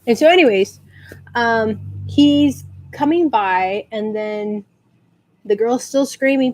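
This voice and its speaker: A woman from San Antonio, Texas, chatting casually in a rambling way and acting out quotes in high squeals. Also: animated, takes it slowly. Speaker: vlogger. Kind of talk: casual storytelling rant.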